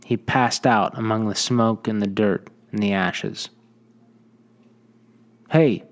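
A man reading a western short story aloud in measured audiobook narration. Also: on the low side, steady tone.

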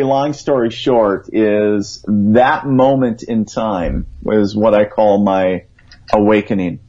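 A man's voice: fairly low pitch, warm tone. A man on a call-in radio show as a guest psychic, telling a story in an earnest, rambling way. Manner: earnest, rambling, quotes his own thoughts aloud. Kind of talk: conversational storytelling. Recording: dull lo-fi radio sound.

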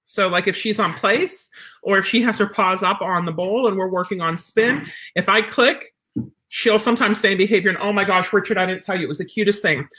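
A woman dog trainer chatting casually to viewers, rambling and filling pauses with um and you know. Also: medium pitch, a bit bright. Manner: rambling, chatty, many fillers.

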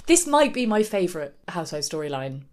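A young woman co-hosting a podcast in casual chat, talking in an animated, gossipy way with frequent laughs and fillers. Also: lowish voice, fairly quick, a crowd in the background. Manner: chatty, animated, laughs often, many fillers. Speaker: podcast co-host.

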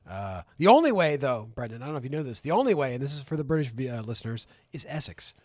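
A man's voice: medium pitch, sing-song, fast, a little mellow, no room sound. A man co-hosting a casual film podcast, joking and rambling with frequent swearing. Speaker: podcast co-host.

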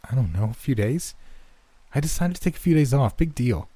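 A man's voice: fairly low pitch, normal speed, mellow, slightly rough, no echo. Stubborn young woman roommate, put on by a male narrator. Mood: petulant. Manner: defiant, dismissive, turning shaky.

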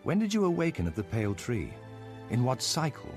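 An actor with an English accent playing a calm, wise male sylvari leader who speaks in a gentle, reassuring way in a video game scene. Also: mid-range voice, a little fast, soft background music.

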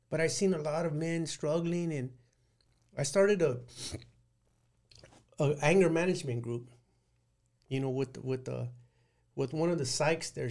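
Middle-aged man, gravelly voice sitting a bit high, plain-spoken interview guest telling his story. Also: a little mellow. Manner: plain-spoken, rambling, with frequent restarts and "like". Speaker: guest recounting prison life.

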